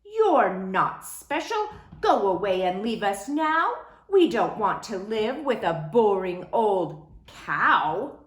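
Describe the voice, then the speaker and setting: A woman's voice: medium pitch, sing-song, takes it slowly, reverberant. A woman voicing haughty, unfriendly zoo animals that speak in a snooty, dismissive way.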